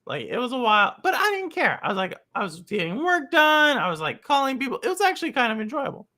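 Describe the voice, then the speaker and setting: A woman from Texas hosting a podcast, telling stories in an animated, chatty way. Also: high-pitched, fast. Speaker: podcast host. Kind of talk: casual chat, storytelling.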